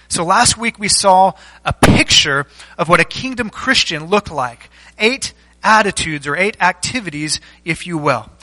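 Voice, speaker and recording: A man preaching a structured sermon as pastor, teaching point by point with rhetorical questions and deliberate pauses. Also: high voice, bright, forceful tone, poor audio.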